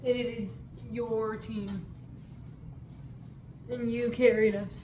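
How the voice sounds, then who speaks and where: A woman's voice: a little high, little pitch movement, slow, warm tone, a little hiss or hum, low-quality recording. A woman telling stories in a casual vlog, gushing and giggly, rambling from one thing to the next. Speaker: student and vlogger.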